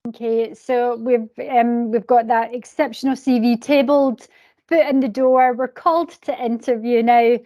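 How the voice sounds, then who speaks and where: Woman moderator, slightly high voice. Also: steady tone, unhurried, warm tone, highs cut off. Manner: encouraging, asks guests by name. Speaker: host. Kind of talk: moderating a virtual panel.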